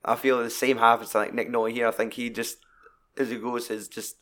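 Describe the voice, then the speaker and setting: A man's voice: medium pitch, level tone, a little fast, sharp tone. A man, co-hosting a podcast about films, rambling and swearing freely as he retells scenes. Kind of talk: casual film chat.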